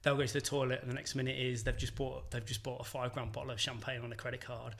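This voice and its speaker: A man co-hosting a casual chat, quick to chime in with his own takes. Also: mid-range voice, flat delivery, vocal fry, a bit bright. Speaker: podcast co-host.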